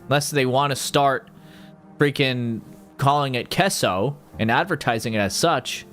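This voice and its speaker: A male streamer chatting loosely on a live stream, rambling from topic to topic with jokey asides and self-mockery. His voice sits at an ordinary middle pitch, with faint music behind him. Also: unhurried, fairly bright tone. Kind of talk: casual livestream chat.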